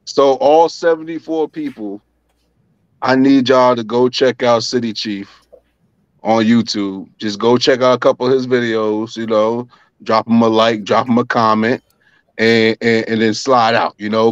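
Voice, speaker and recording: A man's voice: medium pitch, fairly even intonation, a little slow, clean tone, no echo. Upbeat man on dull, dry lo-fi audio. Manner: upbeat, hyping up the audience. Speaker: judge. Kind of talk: casual livestream banter.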